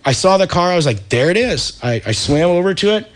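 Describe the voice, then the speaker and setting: A man's voice: sits high, lively intonation, quick pace. Laid-back surfer man telling a story. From Santa Cruz, California. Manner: laid-back surfer talk, lots of dude and like. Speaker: radio show guest, wetsuit company founder. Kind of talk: casual storytelling on a radio talk show.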